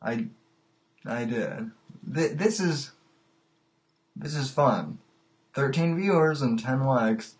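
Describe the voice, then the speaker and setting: Male call-in show host, slow and stammering, laughing at callers. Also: medium pitch, expressive. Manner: halting, repeats his words, laughs often. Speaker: podcast host. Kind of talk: live call-in show chat.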